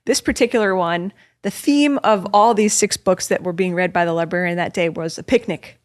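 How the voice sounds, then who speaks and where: A woman guest on a podcast, telling anecdotes in an animated, chatty way during casual conversation. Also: fairly low pitch, moderate pace.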